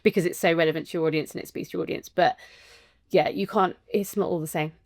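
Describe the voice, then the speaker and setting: Woman guest, low gravelly voice, dry close sound, frank and upbeat. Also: steady tone, quick pace, no echo. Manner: frank, upbeat, informal fillers. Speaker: marketing executive guest. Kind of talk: casual interview chat.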